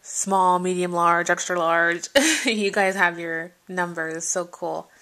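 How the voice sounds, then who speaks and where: A woman vlogger chatting casually through an unboxing, gushing, her voice jumping high when something delights her. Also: takes it slowly, sharp tone. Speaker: vlogger showing a gift package.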